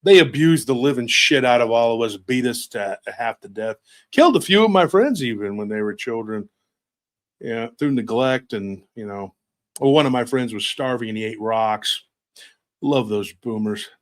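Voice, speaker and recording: Sardonic rambling man, lively pitch. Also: moderate pace. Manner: sardonic, rambling, muttering asides. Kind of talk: casual satirical monologue.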